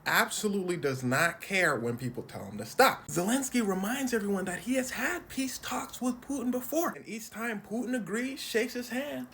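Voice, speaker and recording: A man's voice: high voice, normal speed, gravelly, few pauses, a little hiss or hum. A man giving a comedic, slangy recap of political news, joking as he goes. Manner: slangy, animated, jokey. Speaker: comedy commentary creator.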